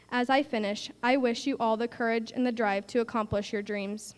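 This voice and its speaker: A woman's voice: a little high, steady tone, moderate pace, hardly any pauses. Young woman reading a speech in a gym. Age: young adult. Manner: earnest, read from a prepared speech. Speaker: graduating student speaker. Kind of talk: graduation speech. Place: school gym. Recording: long echo of a large gym.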